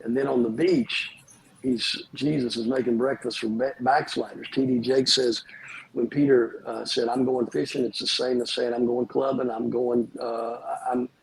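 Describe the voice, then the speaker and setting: A man, a pastor and podcast guest, telling earnest, animated stories about forgiveness in casual conversation. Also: mid-range voice, normal speed, gravelly, slight background noise, rough recording.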